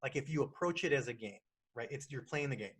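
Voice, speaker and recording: A man's voice: mid-range voice, fast, breathy edge. A man hosting a casual podcast conversation, talking animatedly and persuasively, acting out phone calls as he argues his point. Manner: animated, acts out phone calls in quoted voices; persuasive, repeats points for emphasis. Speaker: podcast host.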